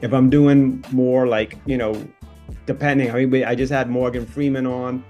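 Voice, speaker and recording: A man's voice: medium pitch, little pitch movement, normal speed, warm tone, dull audio, faint music behind. A man in his fifties with a Bahamian-New York accent, a TV host talking as a guest in a casual interview. He rambles in an easygoing way, with many "you know" fillers. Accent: Bahamian-New York mix. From born in New York, raised in the Bahamas.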